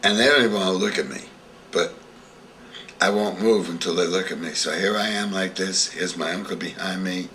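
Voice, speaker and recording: A man's voice: low-pitched, fairly even intonation, brisk, bright, forceful tone, distant mic, slight background noise. An older man telling a vivid story from his past, acting out the scenes as he recalls them. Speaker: interviewee. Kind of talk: storytelling reminiscence.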